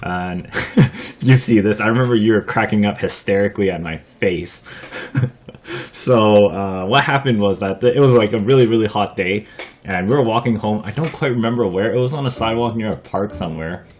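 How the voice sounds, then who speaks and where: A man's voice: fairly low pitch, normal speed. A young man hosting a casual vlog, telling a story with frequent laughter, swearing and lots of fillers. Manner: laughs often while talking, swears freely; rambling, filler-heavy delivery. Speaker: vlogger.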